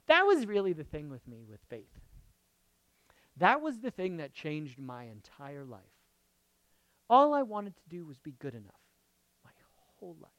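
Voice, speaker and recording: A man preaching a conversational sermon as a pastor, jumping from loud emphatic lines to quiet murmured asides and checking in with his listeners. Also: sits high, sing-song, a little slow, pauses often, dry recording. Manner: checks in with the audience, asking okay and right.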